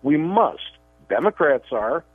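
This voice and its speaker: A political radio co-host and columnist talks slowly but very animatedly in a husky voice on the high side. He speaks emphatically and often repeats words as his sentences get going. He's on a tinny, dry phone line with no echo.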